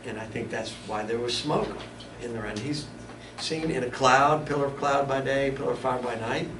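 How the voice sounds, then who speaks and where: A man's voice: medium pitch, normal speed, far from the mic. A man teaching a Bible study in a conversational way, often stopping and restarting his sentences. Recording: echoey room, mic from afar, background noise.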